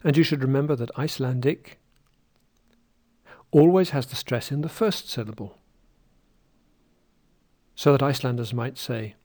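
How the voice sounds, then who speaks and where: A man teaching English word stress in a deliberate, carefully articulated way, modelling words for learners to repeat. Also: medium pitch, a little mellow. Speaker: pronunciation teacher. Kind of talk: slow, clearly spoken pronunciation lesson.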